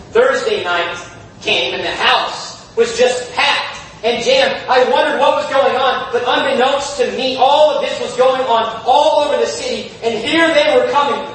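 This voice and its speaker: A man with a high voice preaches a fervent revival sermon, rising to impassioned shouts and hammering home repeated phrases. He stands well back from the microphone in a hugely echoing space with a faint hiss of noise behind him. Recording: very echoey, distant from the mic, faint background noise.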